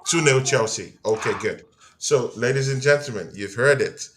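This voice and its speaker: A male host runs a football talk show in a calm, measured voice with a teasing edge. His pitch is unremarkable and his delivery steady.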